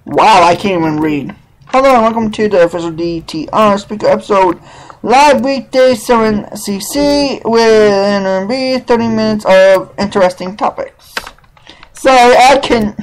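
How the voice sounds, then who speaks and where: A man from Wisconsin hosting a casual live internet radio show, excitable and stumbling over guests' names. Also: sits high, normal speed, rough recording. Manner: addresses audience as ladies and gentlemen.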